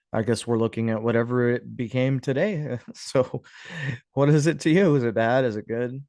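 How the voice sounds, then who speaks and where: A man's voice: on the low side, a little mellow, no echo, studio quality. A man casually commenting on old images and clippings, musing aloud, with sarcastic asides and frequent chuckles. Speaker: history video host.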